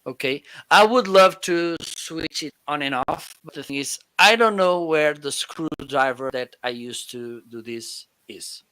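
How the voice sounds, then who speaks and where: Male co-host from Portugal, unhurried and crisp, chatty explainer who laughs often, home studio mic. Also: on the high side, pushed and bright. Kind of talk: live shopping stream chat. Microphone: studio microphone.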